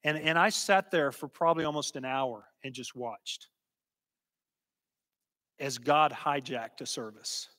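A man preaching a sermon and telling a story, slow and emphatic, sometimes dropping to a hush. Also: mid-range voice. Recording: long hall reverb.

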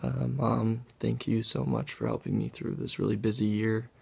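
A man with a strongly gravelly, husky, lowish voice gives a short, soft-spoken greeting. His manner is plain and brief. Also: normal speed. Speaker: son recording a message. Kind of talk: casual video message.

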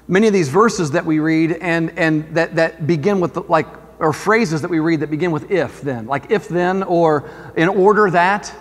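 A man's voice: high voice, big-room sound. A male pastor preaching a sermon in a conversational way, often asking the congregation questions. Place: church sanctuary.

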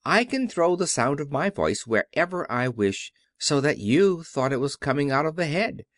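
A man's voice: a little high, sing-song, moderate pace, fairly bright tone, no room sound, studio quality. A man doing a meek trembling little old humbug. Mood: confiding. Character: timid little old man, a fake wizard, meek and pleading.

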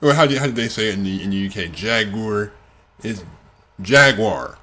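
A man's voice: on the low side, very fast, a bit bright. A man hosting a reaction video, chatting playfully and trying out how words are pronounced. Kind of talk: casual reaction commentary.

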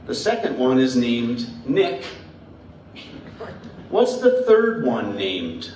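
A man's voice: medium pitch, huge pitch swings, slow pace, darkish tone, recorded from a distance, a little hiss or hum. A man giving a children's message in church, playful and laughing as he quizzes the kids with riddles. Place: church sanctuary. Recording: echoey sanctuary heard from afar.

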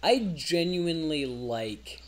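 Teasing young man with a higher voice. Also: lively intonation, slow. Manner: teasing, offhand and sarcastic. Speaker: co-host. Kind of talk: casual gaming podcast chat.

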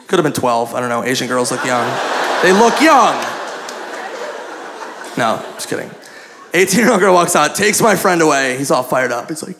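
A man telling a story in a stand-up comedy set, excitable and laughing at his own tale. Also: on the high side, gravelly. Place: comedy club stage with live audience. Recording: noisy live club recording with crowd laughter.

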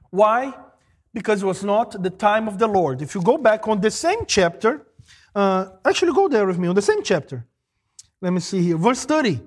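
A middle-aged male pastor preaching a sermon, animated, rising to emphatic exclamations. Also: sits high, moderate pace.

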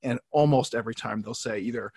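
A man's voice: mid-range voice, fast talker, a little mellow, breathy edge, no room sound, studio quality. A man co-hosting a fitness webinar in casual chat, easygoing and detailed as he explains his approach. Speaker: webinar co-host.

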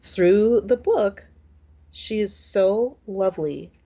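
A woman's voice: mid-range voice, slow, warm tone, breathy edge, muffled recording. A woman in her forties co-hosting a podcast, telling stories in a rambling, chatty way full of fillers. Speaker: podcast co-host. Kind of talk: casual chat.

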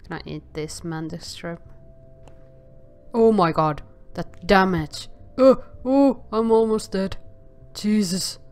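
Slow-talking woman narrating her gameplay. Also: mid-range voice, a little mellow, clear, resonant tone. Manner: exclaims and stammers filler sounds while playing. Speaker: gameplay commentator. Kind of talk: casual game commentary.

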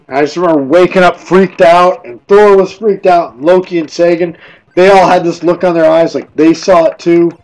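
A man's voice: on the high side, moderate pace, darkish tone, poor audio. A man streaming while gaming, drunk, telling a casual rambling ghost story full of restarts.

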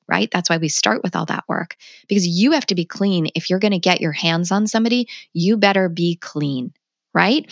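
A woman's voice: medium pitch, dry recording. A middle-aged woman guest on a podcast, talking candidly and passionately about parenting, blunt and swearing freely. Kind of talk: candid conversational interview.

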